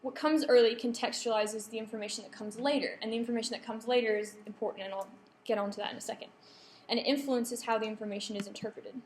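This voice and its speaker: A fairly high-voiced woman delivers a lecture to a room of students, often pausing to check in and poll her listeners. The recording is roomy and echoey, with a faint hum underneath. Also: steady tone. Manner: checks in with the audience, polls the room. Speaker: workshop presenter.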